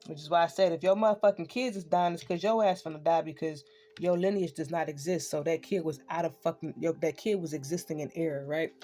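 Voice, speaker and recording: A woman's voice: low-pitched, fairly even intonation, fast, dark tone. A woman ranting in a casual spoken monologue, swearing freely and tossing in "right?" again and again. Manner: profane, ranting, keeps asking "right?". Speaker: online spiritual speaker.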